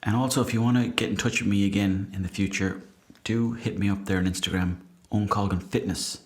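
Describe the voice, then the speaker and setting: A low-pitched Irish man who hosts a comedy podcast. He reads listener messages with dry, deadpan timing, swears freely, and slips into mock outrage. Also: fairly quick. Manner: deadpan, profane, mock-indignant. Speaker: podcast host. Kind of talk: comic monologue reading listener messages.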